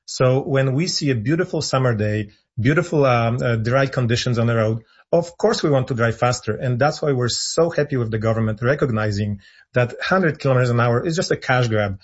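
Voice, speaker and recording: Husky-voiced male advocate, pushy, repeats himself; muffled lo-fi line. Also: mid-range voice, brisk. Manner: insistent, argumentative, repeats points for emphasis. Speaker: guest, founder of an advocacy group. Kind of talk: radio call-in interview.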